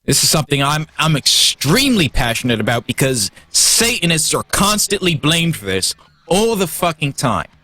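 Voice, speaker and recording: A man's voice: a little high, sing-song, normal speed, pushed and bright. A man hosting a livestream, heated and profane, stumbling over restarts as he gets worked up. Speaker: livestream host. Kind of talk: casual livestream rant.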